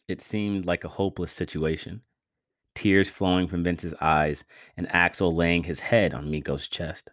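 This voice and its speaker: A man with a very deep voice reads a scripted adventure story, steady and dramatic in his storytelling. The recording is dry and close, with no room sound. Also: a little slow, no room sound. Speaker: narrator.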